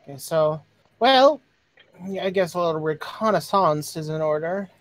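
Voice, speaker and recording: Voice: medium pitch, animated, normal speed, dry recording. Hesitant tabletop player on a headset. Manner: hesitant, self-correcting. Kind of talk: casual tabletop chat. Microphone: headphones with mic.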